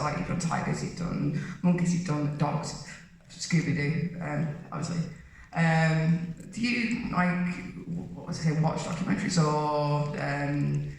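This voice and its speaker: A man in the audience puts a question to the panel, halting and filled with ums. His voice is gravelly and a little high. It reaches the mic from far away across an echoing hall. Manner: hesitant, full of ums. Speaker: audience member asking a question. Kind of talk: question from the floor. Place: large convention hall.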